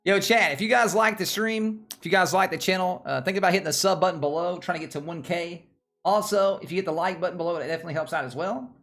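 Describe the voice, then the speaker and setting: A man with a Southern US accent hosts a casual livestream about stocks, his voice a little high and a bit bright. He rambles, repeats himself, and chats with his viewers.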